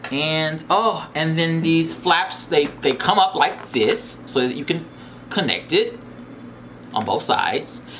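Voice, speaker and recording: A man's voice: fairly high pitch, slow pace, a bit bright, slight background noise. A man hosting a casual unboxing vlog, talking in a gushing, exclamatory way and repeating his phrases. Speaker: vlogger reviewing a bag.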